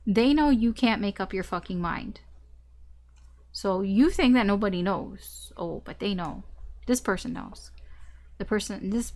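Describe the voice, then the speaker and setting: A woman reading tarot in a casual, unscripted way. She is candid and blunt and talks straight to the listener. She swears here and there as she lays out the cards. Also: medium pitch. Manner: candid and blunt, swears, laughs between points. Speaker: tarot reader.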